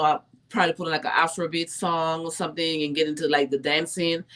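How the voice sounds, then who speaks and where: A woman's voice: deep voice, fairly bright tone. A woman talking casually and reflectively about her spiritual practices, with many fillers. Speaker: podcast co-host. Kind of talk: casual conversation.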